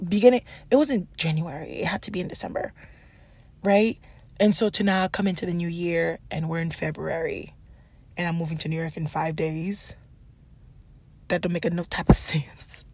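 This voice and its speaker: A woman, rambling and animated. Her voice sits at a middle pitch, and the sound is dry and close to the mic. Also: no room sound. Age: 20s. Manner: animated, rambling, with bursts of laughter and self-talk. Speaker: podcast host. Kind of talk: candid solo podcast monologue.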